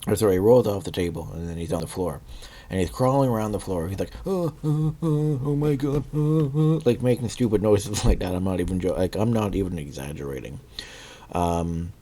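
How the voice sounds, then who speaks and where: A man with a very low voice gives a casual, rambling video review. His tone is dark and mellow. He often stops and restarts while he searches for the right word. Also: fairly quick, slightly rough. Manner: rambling, many fillers and restarts, searching for words.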